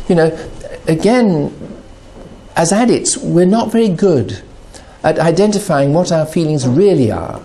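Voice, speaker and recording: A middle-aged man giving a talk on addiction recovery, animated and acting out the voices he quotes. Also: on the high side, unhurried, vocal fry.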